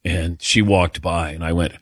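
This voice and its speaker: A man's voice: sits low, fairly even intonation, unhurried, husky, no room sound, clean studio sound. A man hosting a sports talk radio show, chatting casually in a jokey, self-deprecating way and reading ads. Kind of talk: casual radio chat and live ad reads. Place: radio studio.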